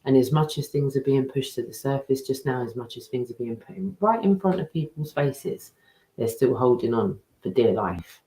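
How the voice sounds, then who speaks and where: A woman's voice: extremely low pitch, lively intonation, moderate pace, dark tone. A woman co-hosting a podcast in casual chat, earnest and questioning. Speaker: podcast co-host. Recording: roomy echo.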